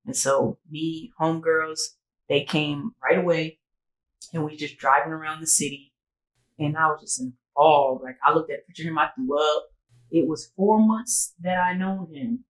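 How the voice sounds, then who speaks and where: A woman's voice: deep voice, normal speed, roomy sound, poor audio. A woman co-hosting a casual storytime podcast, recounting a personal story with lots of "like" and acted-out dialogue. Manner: animated storytelling, acting out quoted dialogue, frequent "like"; sobering, emotional retelling. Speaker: podcast co-host.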